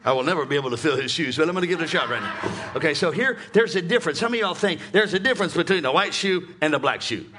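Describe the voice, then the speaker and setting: A male pastor, preaching an animated, joking sermon and calling on the congregation to shout back. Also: fairly high pitch, fast talker, few pauses, background noise. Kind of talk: lively sermon with congregation call-and-response.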